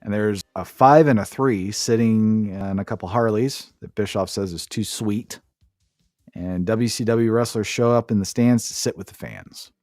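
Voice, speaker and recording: Co-hosting a podcast, a man offers a sarcastic, profane play-by-play recap in casual conversation. His lowish, slightly mellow voice moves at a normal speed in dry, studio-quality audio with soft music underneath.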